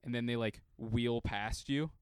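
A man co-hosting a comedy podcast tells stories dryly and acts out what others said. His voice is smooth and resonant, recorded close with no room sound. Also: mid-range voice, steady tone, a little slow, no room sound. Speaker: podcast co-host. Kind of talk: casual chat.

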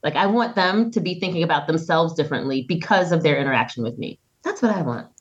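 A woman, guest co-host on a podcast, talking in a reflective, expressive way. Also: low voice, quick pace, lo-fi sound. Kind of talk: casual podcast conversation.

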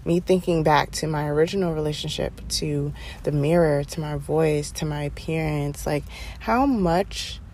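A young woman talks through her solo podcast in a low, gravelly voice with plenty of vocal fry. She chats casually and animatedly, tossing in sassy asides. A faint hiss sits under the recording. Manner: chatty, animated, sassy asides with drawn-out emphasis. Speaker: podcast host. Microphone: headphones, home podcast mic.

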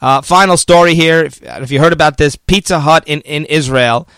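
A man with a fairly high voice hosts a political commentary show, talking casually and arguing his point. He keeps slipping into mocking quoted voices of the media. The sound is dry and close, with no room around it. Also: moderate pace, fairly bright tone, smooth, no room sound.

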